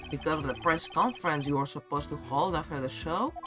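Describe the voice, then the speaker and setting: A man's voice: fairly high pitch, brisk, pushed and bright, faint music behind. A man voicing an earnest young defense lawyer in a courtroom game, asking questions. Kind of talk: reading game dialogue aloud.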